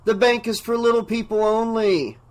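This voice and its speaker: Man doing a dazed bank clerk, calmly unhinged, deferential but firm, higher voice, storybook reading. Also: normal speed, lightly acted. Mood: dreamy, formal. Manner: dreamy, deferential yet firm. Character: delirious male bank clerk, calm and unhinged.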